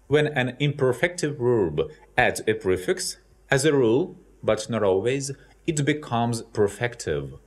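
A man with a Russian accent, a native Russian teacher, giving a scripted language lesson with slow, careful examples. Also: medium pitch. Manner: slow, careful, with clearly spoken example words.

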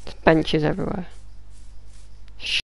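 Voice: mid-range voice, fairly even intonation, measured pace, gravelly, a little hiss or hum. A gaming YouTuber, giving casual gameplay commentary, muttering to themself, swearing and throwing out mock-dramatic taunts.

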